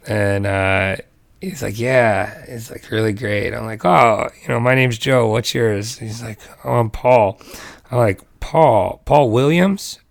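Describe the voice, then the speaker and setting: A man co-hosting a podcast, telling a story in a casual, animated way, laughing often and acting out the voices of the people he quotes. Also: mid-range voice, slow, vocal fry, dry recording, studio quality. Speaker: podcast co-host.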